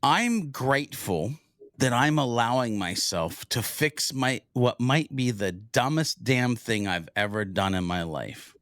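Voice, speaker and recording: A man's voice: mid-range voice, lively intonation, measured pace, fairly bright tone, no room sound, clean studio sound. A middle-aged man co-hosting a podcast, speaking in an earnest, heartfelt and candid way. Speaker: podcast co-host. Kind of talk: casual podcast chat.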